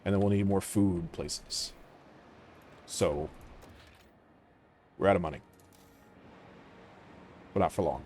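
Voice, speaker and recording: A man with a low voice talks through a strategy game in a relaxed, casual way. He often mutters half to himself, trailing off into quiet asides as he clicks through his choices. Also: slow pace, long pauses, slight background noise. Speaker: gaming channel host.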